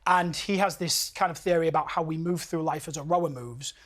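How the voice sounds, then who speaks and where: A man in his thirties with a Yorkshire accent, a singer telling stories as an interview guest, lively and laughing often, restarting his sentences. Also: a little high, a little fast. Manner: animated, laughs often, repeats words as he restarts. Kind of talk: casual interview chat.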